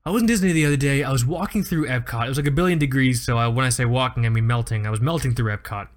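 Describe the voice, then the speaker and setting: A man's voice: mid-range voice, very fast. A man in his thirties co-hosting a podcast, telling exaggerated, profane stories in a casual comedic chat. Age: 30s. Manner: animated storytelling, profane, exaggerated. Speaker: podcast co-host.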